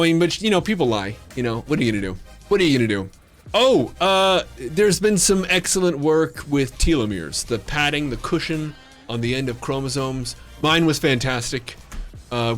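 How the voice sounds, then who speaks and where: A man's voice: mid-range voice, a bit bright. A man streaming a game live, chatting casually with viewers in a jokey, rambling, playfully flirtatious way. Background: faint background music.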